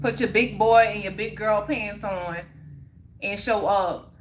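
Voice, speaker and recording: A woman's voice: mid-range voice, fairly even intonation, measured pace, background noise. A woman hosting a casual livestream, chatting with viewers and preaching accountability with frequent laughter. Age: young adult or middle-aged mother. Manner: motivational, preachy about accountability, laughs often. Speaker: livestream host reading viewer comments.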